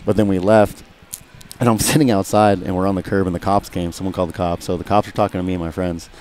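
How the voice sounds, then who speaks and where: A man's voice: sits low, fairly even intonation, quick pace, a little mellow. A man telling a rambling, profane story in casual radio chat, acting out what people said. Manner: profane, rambling, acts out quotes. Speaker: guest fighter.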